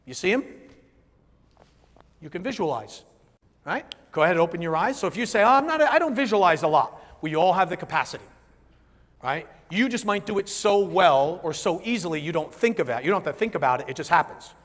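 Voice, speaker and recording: A man giving a live business seminar, animated, asking the audience questions and acting out little voices. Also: fairly high pitch, brisk, in a large hall. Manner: animated, asks the room questions, acts out voices. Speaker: business speaker.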